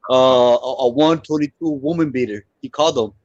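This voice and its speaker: A man argues on a live boxing panel, mid-pitched and insistent, often repeating words as he pushes his point. His audio comes through dry and slightly dull, like an online call. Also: brisk, darkish tone, no room sound. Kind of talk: heated live sports talk.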